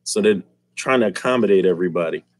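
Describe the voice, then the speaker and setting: A man's voice: sits low, fast, no echo. Joking man hosting a live stream. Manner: joking, teasing, laughs often. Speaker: livestream host. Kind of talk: casual live-stream chat with viewers.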